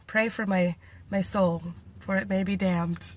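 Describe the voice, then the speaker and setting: A woman's voice: medium pitch, steady tone, a little slow, darkish tone. An American woman chats casually to her viewers, reading comments aloud. She is playful and giggly and breaks into laughter often. The sound is dry and close, with no room echo. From United States. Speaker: vlogger.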